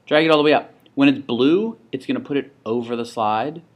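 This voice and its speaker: A man with a young child, teaching a software tutorial in a casual, think-aloud way, with restarts and asides. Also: mid-range voice, a little fast. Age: adult with a child. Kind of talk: screen-recorded tutorial.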